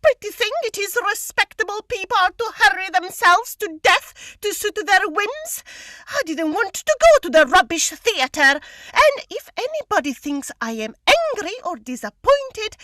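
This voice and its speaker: A woman's voice: very high-pitched, very animated, unhurried, pushed and bright, no echo, clean studio sound, heavily acted. A woman playing a huffy pompous housekeeper. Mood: indignant. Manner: huffy, self-important scolding. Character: pompous indignant middle-aged housekeeper woman. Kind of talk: script read-through.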